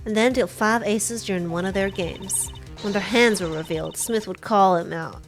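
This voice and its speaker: A woman's voice: medium pitch, normal speed, soft background music, close to an everyday voice. A woman voicing a sly, boastful female card dealer with a put-on American Southern accent, reading a video game aloud. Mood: smug. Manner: boastful, theatrical.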